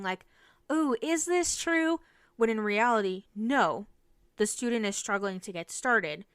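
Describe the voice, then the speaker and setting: A woman's voice: medium pitch, bright, forceful tone, clean tone, no room sound. A young woman teacher hosting a solo podcast, explaining classroom strategies in an earnest way. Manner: earnest, explanatory, demonstrates phrases.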